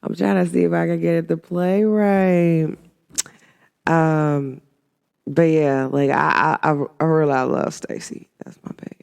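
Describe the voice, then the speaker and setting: A woman hosting a podcast, talking casually in a rambling, animated way with many fillers. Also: sits low, unhurried, vocal fry, clear, resonant tone. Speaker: podcast host.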